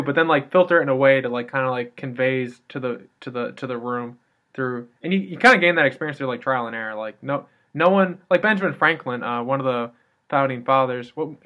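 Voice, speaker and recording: An American man co-hosting a casual chat, talking in loose tangents and leaning on "like" and restarts. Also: medium pitch. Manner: chatty, tangential, heavy use of "like". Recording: dull lo-fi recording.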